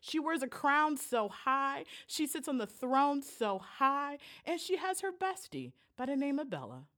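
A woman's voice: high voice, sing-song, unhurried, a bit bright. A woman hosting a podcast over a video call, talking in a bubbly, playful, hyping way. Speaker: podcast host. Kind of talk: casual chat.

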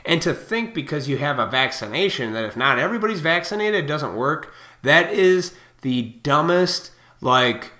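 A man in his thirties delivering a profane, heated rant to camera, swinging between loud outbursts and quieter reflective stretches. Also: fairly high pitch, lively intonation, normal speed. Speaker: vlogger. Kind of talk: profane ranting monologue. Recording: echoey room.

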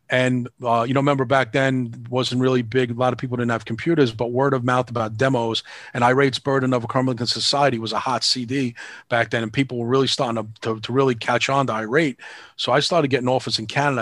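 A man's voice: mid-range voice, a bit bright, dry recording, studio quality. A man, telling stories in a casual interview in a rambling, frank and profane way, acting out the people he quotes. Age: 50s. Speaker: band manager and promoter.

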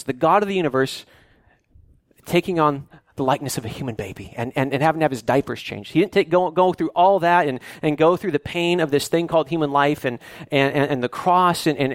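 A man's voice: a little high, no echo. A man preaching a sermon as pastor, earnest and often repeating and restarting his words.

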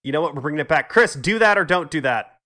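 A man hosting a casual gaming podcast, congested and a bit gravelly, sardonic and swearing freely. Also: a little high, expressive, fast talker, pushed and bright. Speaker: podcast host.

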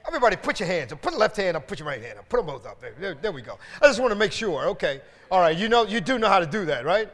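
A man's voice: sits high, very animated, rapid-fire, few pauses, fairly bright tone. A man preaching a sermon as pastor, rousing his congregation with call-and-response and exclamations of praise, often repeating words as he goes. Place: church sanctuary. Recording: church hall reverb.

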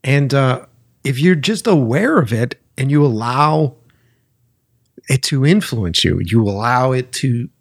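Animated, husky-voiced man chatting casually. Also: medium pitch, measured pace, dry recording, studio quality. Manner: enthusiastic, swears casually, says "man" a lot. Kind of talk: casual conversation.

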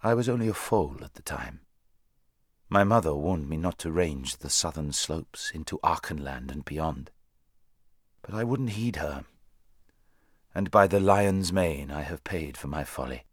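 Male reader doing a haughty talking war horse, low voice, lively and commanding, dry close sound. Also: dry recording, full character voice. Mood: rueful. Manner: brisk, commanding, contemptuous.

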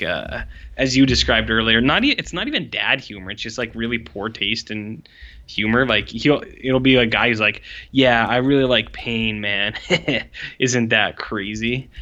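A man's voice: mid-range voice, bright, forceful tone, dull audio. A young man co-hosting a podcast in casual chat, rambling with lots of fillers and sounding exasperated. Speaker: podcast co-host.

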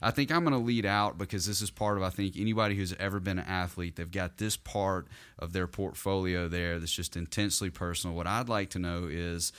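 A man's voice: low voice, steady tone, a little fast, hardly any pauses, a bit bright, clear, resonant tone. A man hosting a podcast interview, thanking his guest in a friendly way. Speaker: podcast host.

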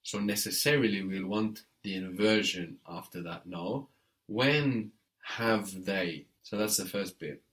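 A man's voice: low voice, steady tone, normal speed, hardly any pauses, a bit bright. A man giving a one-on-one French lesson, patiently prompting and correcting step by step. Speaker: French teacher.

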